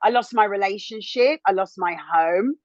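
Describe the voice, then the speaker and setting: A woman's voice: moderate pace, no room sound, muffled recording. Candid woman sharing a hard story. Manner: candid, animated, swings high when indignant. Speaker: interview guest, TV presenter. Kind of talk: emotional personal testimony.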